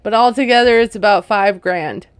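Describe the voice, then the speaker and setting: A woman's voice: mid-range voice, normal speed, smooth, dry recording. A woman recapping a reality TV episode in casual commentary, chatty and amused, filling her talk with "like" and "you know". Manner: chatty, retelling scenes with lots of "like" and "you know"; amused, laughing at what she retells.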